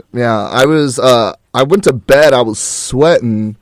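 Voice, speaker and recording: A man's voice: medium pitch, slow pace, dry recording. Young male college radio co-host, easygoing and chatty, with a dry studio mic. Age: young adult. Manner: rambling, easygoing, laughs often. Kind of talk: casual chat.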